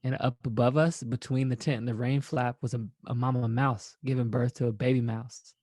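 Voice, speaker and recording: A man's voice: medium pitch, steady tone, brisk, darkish tone, no echo, studio quality. A man, a former college basketball player, guesting on a podcast and telling rambling, profane stories in a laid-back way. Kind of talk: casual storytelling.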